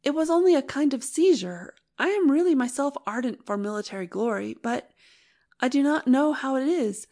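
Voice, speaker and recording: A woman's voice: sits high, lively intonation, normal speed, a little mellow, voice pushed up. A woman voicing an anxious young wife. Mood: pleading. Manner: earnest, pleading. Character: young wife, tender and fearful. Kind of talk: audiobook narration.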